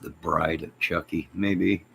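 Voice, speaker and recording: Middle-aged man, very low voice, rambling live chat, exasperated asides to viewers, faint room hum. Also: steady tone, takes it slowly, vocal fry. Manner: rambling, exasperated, talks back to chat comments. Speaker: YouTube live host.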